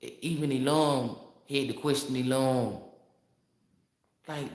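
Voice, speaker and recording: A woman's voice: deep voice, a little slow, reverberant. A woman giving a casual spiritual monologue as a tarot reader, brash, boastful and profane, laughing often.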